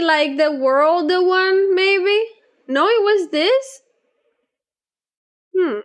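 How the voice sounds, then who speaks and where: Woman streamer, high voice, slow easy chatter, giggly. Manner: chatty, giggly, reads aloud to chat. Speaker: livestreamer. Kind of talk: casual gaming stream chat.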